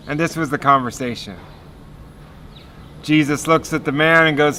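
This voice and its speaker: A man telling a personal faith story in an earnest, animated sermon style. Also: on the high side, normal speed, slight background noise. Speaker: speaker giving a testimony.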